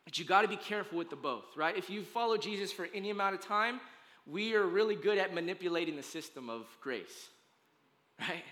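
A pastor preaches a sermon in a church sanctuary with a bright, high voice, speaking casually and emphatically, full of slang and quick restarts. He's expressive, and the sanctuary gives his voice a long, ringing reverb.

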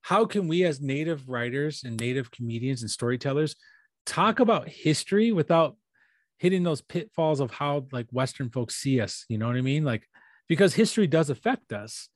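A man in his thirties, a comedian and actor appearing as a podcast guest, who talks in a relaxed, thoughtful way with frequent ums and pauses. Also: mid-range voice, no room sound, studio quality. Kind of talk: casual interview chat.

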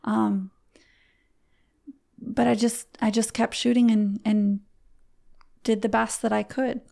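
A middle-aged woman, a guest on a podcast, telling a personal story in a heartfelt, halting way with frequent restarts. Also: fairly high pitch, flat delivery, vocal fry, warm tone. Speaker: podcast guest, competitive archer.

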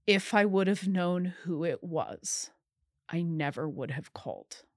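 A woman's voice: lowish voice, expressive, measured pace, dry recording, studio quality. A woman, earnestly recounting events as a guest in an interview. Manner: earnest, recounting events in detail, at times emphatic. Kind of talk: interview storytelling.

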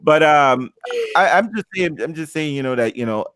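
A man trades jokes as a co-host in a casual chat, animated and playful, often circling back to "you know what". His pitch swings widely as he talks. The sound is dry and close, with little room behind it. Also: moderate pace, clear, resonant tone, no echo. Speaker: podcast co-host.

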